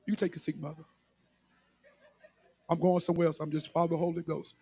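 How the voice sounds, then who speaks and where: A man's voice: on the high side, little pitch movement, a little fast, darkish tone, husky. A male pastor preaching a sermon with emphatic repetition, speaking straight to his congregation.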